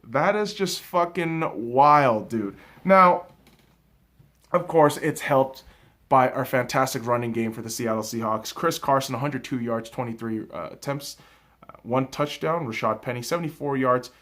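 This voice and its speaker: Profane, fired-up young male sports ranter. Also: a little high. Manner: profane, heated ranting with big swings in loudness. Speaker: sports podcast host. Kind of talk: casual fan commentary.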